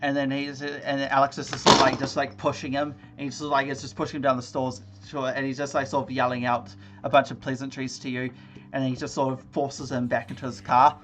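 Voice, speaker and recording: A man narrating a tabletop role-playing game as game master, rambling and halting, with frequent laughs. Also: medium pitch, flat delivery, fairly bright tone.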